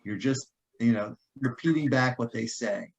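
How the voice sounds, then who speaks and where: A man's voice: medium pitch, moderate pace, gravelly, lo-fi sound. Casual man teaching conflict de-escalation. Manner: casual, many fillers and restarts. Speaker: guest speaker on personal safety. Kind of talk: informal talk.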